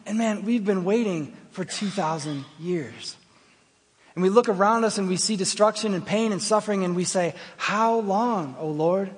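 High-voiced pastor preaching in a reverberant hall. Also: male voice, normal speed, breathy edge. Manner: conversational storytelling, self-deprecating. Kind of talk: sermon.

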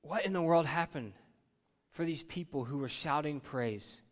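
A middle-aged pastor with a fairly high voice preaches at a moderate pace, keeping the tone conversational. He draws his congregation into call-and-response, and the sanctuary's large-hall acoustics give a long reverb.

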